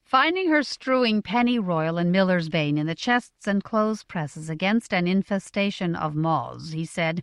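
A woman narrating a novel in a measured, expressive reading. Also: on the low side, clean tone, no echo, studio quality. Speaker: audiobook narrator.

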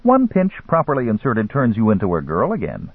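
A man's voice: on the low side, wildly swooping pitch, a little fast, husky, dry recording, full character voice. Man playing a shrewd tavern-keeping dealer. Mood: businesslike. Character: shrewd male tavern owner and dealer, calm. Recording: dry, phone-like narrow sound.

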